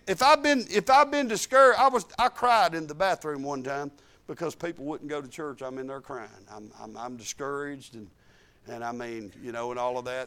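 A man's voice: sits high, fairly bright tone. A male pastor preaching a fervent, emphatic sermon and repeating his phrases.

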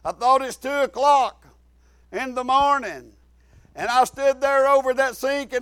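A middle-aged man, preaching a folksy sermon full of repetition and sudden shouted emphasis. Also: very high voice, measured pace, clean tone, no room sound.

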